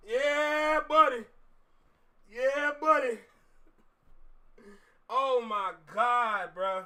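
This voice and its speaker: An excitable man hosts a music reaction, his voice pitched very high with a sharp, bright edge. He lingers on his words rather than rushing, and his casual commentary keeps spilling into shouts and laughs.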